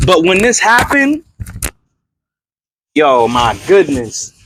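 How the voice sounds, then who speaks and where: Animated young man telling a story. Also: a little high, slow pace, background noise. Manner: animated, slangy, many fillers and restarts. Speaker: vlogger telling a personal story. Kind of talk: casual storytelling testimony.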